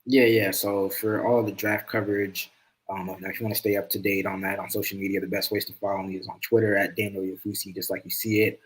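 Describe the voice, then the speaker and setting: Relaxed man, a sports reporter guest. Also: lowish voice, brisk, rough recording. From United States. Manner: relaxed, easy-going, laughs often. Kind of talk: casual sports chat.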